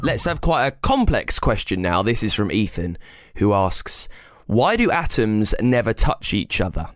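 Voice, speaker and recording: Lively, slightly gravelly man explaining science. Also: on the low side, unhurried, dry recording. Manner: playful, talks straight to young listeners. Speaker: host of a children's science podcast.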